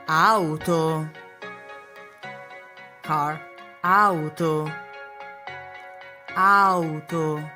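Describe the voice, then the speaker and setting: A woman with an Italian accent teaching a beginners' lesson, slowly repeating each word several times. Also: sits low, fairly even intonation, bright, forceful tone, soft background music.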